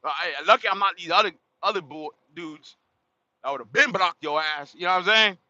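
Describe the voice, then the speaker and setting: Speaking a little fast in a high-sitting voice with a sharp edge, this man chats casually with his livestream audience, spinning a story full of slang, laughter, and exclamations. There's no room sound, though the lo-fi recording comes across dull.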